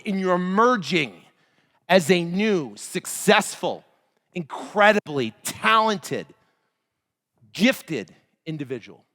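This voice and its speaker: Man, motivational speaker, high lively voice, bright, hyped shouting, reverberant hall. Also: takes it slowly, long pauses. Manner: hyped, shouting chants to the crowd. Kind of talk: live motivational seminar speech. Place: large event hall.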